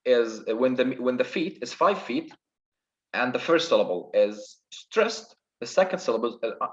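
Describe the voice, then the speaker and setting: A man, not a native English speaker, slowly talks through the meter and rhyme of a sonnet, hesitating and counting syllables word by word. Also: mid-range voice, muffled recording. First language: Arabic. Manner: hesitant, with many restarts and fillers. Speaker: student presenting a poem analysis. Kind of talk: spoken literature analysis.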